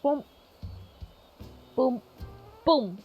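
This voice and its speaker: Slow-talking playful woman streamer. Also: sits high, expressive, muffled recording, soft background music. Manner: playful, chatty, swears casually. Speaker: live streamer. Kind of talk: casual live-stream chat while gaming.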